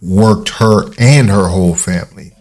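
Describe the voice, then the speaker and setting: A man's voice: deep voice, unhurried, a little mellow. A man co-hosting a comedy reaction video, joking and teasing in casual commentary. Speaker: reaction show co-host.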